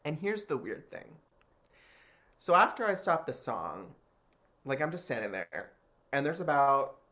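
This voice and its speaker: Man, interview guest, expressive storyteller; quotes others with high pitch swings, leans heavily on filler words. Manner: expressive, acts out quoted voices with big pitch jumps; chatty, many "I was like" and "like" fillers. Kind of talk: animated storytelling.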